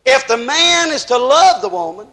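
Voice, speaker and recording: Preacher man, real high voice, hollers then goes quiet, stretches words out. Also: creaky. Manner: impassioned, rising to shouts then dropping low; drawn-out emphatic phrasing. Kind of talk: fiery sermon.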